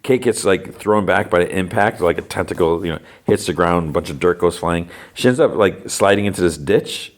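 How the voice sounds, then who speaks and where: Deep-voiced podcast guy rambling through a recap, says like a lot. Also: brisk, few pauses. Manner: rambling retelling full of "like" and "you know" fillers. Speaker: podcast host. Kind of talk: casual episode recap.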